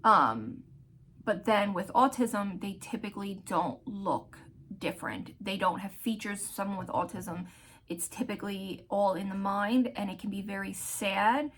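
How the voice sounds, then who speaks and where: A woman's voice: medium pitch, unhurried, fairly bright tone, a little hiss or hum. Candid woman vlogger, heartfelt. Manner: candid, heartfelt, searching for words with many ums. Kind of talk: casual storytelling vlog.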